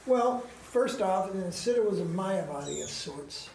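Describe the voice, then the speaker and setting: A man's voice: sits high, expressive, a little slow, creaky, darkish tone, slight background noise. A man teaching a spiritual class in an ashram, talking casually and emphatically and asking rhetorical questions. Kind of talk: informal spiritual class talk. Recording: roomy echo.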